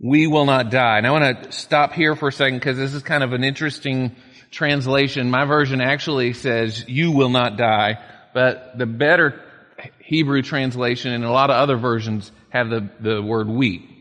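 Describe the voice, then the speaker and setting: A man's voice: medium pitch, steady tone, moderate pace, fairly bright tone, big-room sound. A man preaching a sermon in a conversational way, reading scripture aloud and adding folksy asides. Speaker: pastor.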